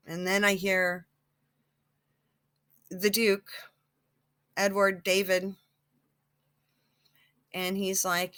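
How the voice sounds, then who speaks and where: Slow, bright-voiced woman psychic chatting. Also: mid-range voice, completely flat delivery, smooth. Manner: rambling, many fillers and restarts. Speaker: psychic channel host. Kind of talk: casual chat.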